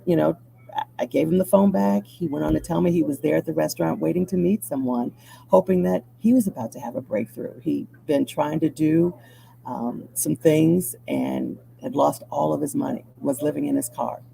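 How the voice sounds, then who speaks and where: A woman's voice: low-pitched, normal speed, gravelly, dark tone, slight background noise, rough recording. A middle-aged woman from Chicago, a TV news anchor, telling a personal story as an interview guest and acting out the voices she quotes.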